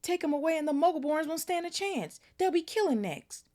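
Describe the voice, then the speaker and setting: A woman voicing a huge, gruff half-giant gamekeeper who shouts loudly when furious. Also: on the low side, sing-song, moderate pace, pitched above the performer's own voice. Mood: roaring. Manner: loud roaring outbursts.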